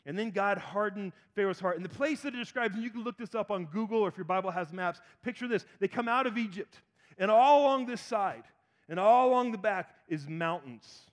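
A pastor in his forties preaches a sermon, animatedly acting out the voices of the people in the story. His voice sits high, with lively intonation and a fairly quick pace.

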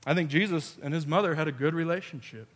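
A man's voice: a little high, quick pace, in a large hall. A man preaching a sermon, telling a family story with playful quoted voices. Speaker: pastor.

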